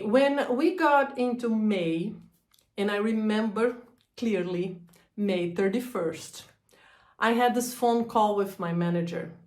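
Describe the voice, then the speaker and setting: Slow-spoken woman telling a painful story. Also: medium pitch, reverberant. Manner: halting, gets emotional, laughs through hard memories. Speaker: energy healer sharing her story. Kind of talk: emotional personal storytelling.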